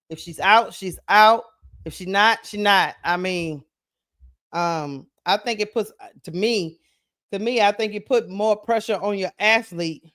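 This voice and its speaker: A man's voice: high voice, clear, resonant tone. A man hosting a live sports talk stream, chatting casually, greeting viewers by name and thinking aloud.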